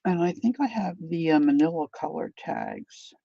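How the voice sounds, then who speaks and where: A woman's voice: low voice, expressive, normal speed, creaky, husky, dry recording. A woman hosting a casual craft live stream from home, chatting and rambling as she eats and works on her project. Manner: chatty, rambling, talks while eating and working. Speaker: craft channel host. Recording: dull lo-fi stream audio.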